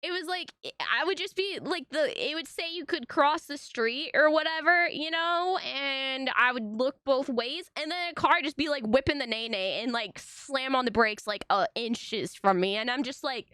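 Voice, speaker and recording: A young woman streaming, telling stories in casual chat, animated and full of tangents and swearing. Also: high-pitched, moderate pace, few pauses, no echo, studio quality. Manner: animated, tangent-prone storytelling with frequent swearing.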